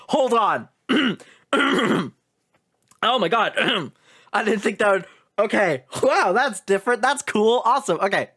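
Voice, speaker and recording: A young woman streaming a game live, reacting excitably and swearing freely while reading along. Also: mid-range voice, slow, breathy edge, no echo, clean studio sound.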